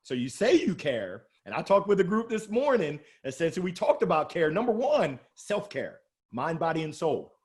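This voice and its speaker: A man speaking as an interview guest about sales, lively and joking, with strong emphasis. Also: a little high, normal speed. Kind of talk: energetic motivational interview talk.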